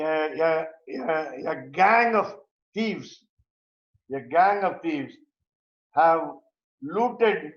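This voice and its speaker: A man with a fairly high voice teaches a verse-by-verse scripture class, speaking haltingly with many pauses and fillers. The recording is roomy, dull and lo-fi.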